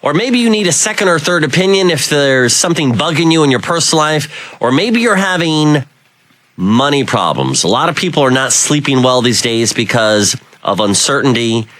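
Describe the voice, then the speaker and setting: A man's voice: fairly high pitch, expressive, normal speed, fairly bright tone, no echo. A male radio talk show host telling rambling stories with many "you know" fillers, speaking into a studio microphone. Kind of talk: casual radio chat.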